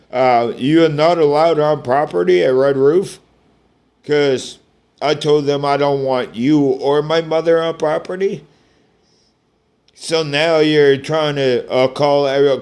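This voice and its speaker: A man's voice: on the high side, fairly even intonation, unhurried, a little mellow, clean tone. A man giving a rambling, profane personal rant in a vlog, often restarting and speaking directly to the people he is angry at.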